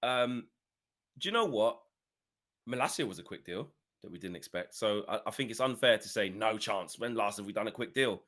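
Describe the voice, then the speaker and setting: A man hosting a casual fan podcast over a call, chatty and animated, with slangy banter. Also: on the low side, normal speed. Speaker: host.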